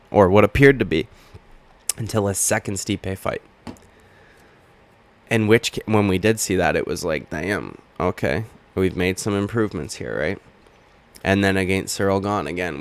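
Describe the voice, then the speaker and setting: A man hosting a heated, profane commentary video, talking straight to his camera as he argues his points. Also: lowish voice. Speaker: MMA commentary channel host. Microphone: webcam or camera mic.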